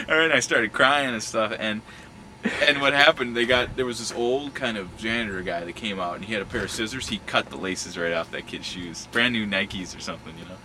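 A man's voice: medium pitch, fast talker, sharp tone, a little hiss or hum, poor audio. A man casually telling childhood stories outdoors at a schoolyard, acting out voices and sound effects and laughing often. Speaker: storyteller revisiting his old school. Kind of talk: casual reminiscing.

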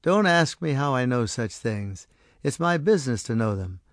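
A man voicing a small mysterious stranger who speaks softly and patiently. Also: medium pitch, very animated, normal speed, no room sound, clean studio sound. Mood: gentle. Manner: soft, patient and coaxing. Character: small mysterious male stranger, gentle and knowing.

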